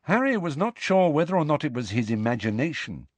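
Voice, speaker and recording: A man narrating an audiobook in a measured, expressive reading. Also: on the high side, dry recording. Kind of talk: scripted narration.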